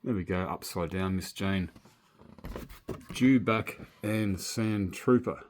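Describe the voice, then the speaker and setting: Chatty Australian man with a lowish voice. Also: slow pace, slight background noise. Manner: chatty, meandering, swears casually. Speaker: toy collector vlogger. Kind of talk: casual rambling storytelling.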